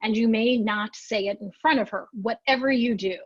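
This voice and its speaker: A woman's voice: fairly high pitch, normal speed, no room sound, lightly acted. A stern company president insists on a strict rule, as a woman presenter quotes the boss. It is delivered in a firm voice close to her own, over dull call audio. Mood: warning.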